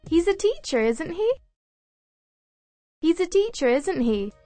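A woman's very high voice speaks example sentences in a short recorded clip. Her pitch swoops up and down in a lively way while her tone stays mellow. Faint music plays behind her. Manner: slow, deliberate intonation examples.

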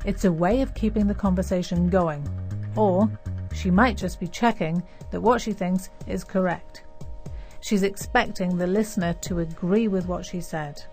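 A woman, the grammar expert, explaining intonation in a clear, measured way. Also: lowish voice, darkish tone.

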